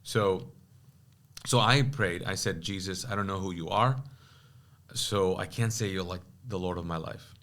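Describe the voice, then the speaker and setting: A man's voice: low-pitched, measured pace. A pastor from Kuwait telling his personal testimony as a podcast guest, acting out the voices of both people in an old conversation. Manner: animated, acts out quoted dialogue with many asides.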